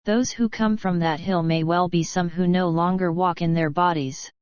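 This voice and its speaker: Proud young tribeswoman, sharp and scornful, read by a woman, smooth lowish voice. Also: fairly even intonation, normal speed, dry recording, muffled recording, natural voice.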